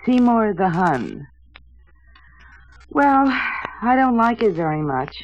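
A woman's voice: medium pitch, sing-song, slow, a little hiss or hum. A woman playing a fussy, doting mother who nags her grown son in a motherly way, in a 1960s radio comedy sketch. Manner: nagging, motherly, reasonable. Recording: dull old radio broadcast.

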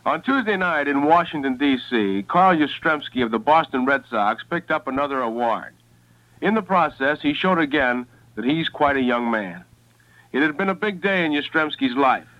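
A man hosting a sports radio segment in a measured, formal, scripted delivery. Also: fairly high pitch, lively intonation. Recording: dull lo-fi radio recording.

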